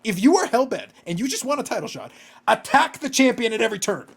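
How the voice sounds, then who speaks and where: A man's voice: very high voice, sing-song, quick pace, gravelly, a bit bright, husky. A man co-hosting a casual podcast, ranting with exasperation and swearing freely. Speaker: podcast co-host.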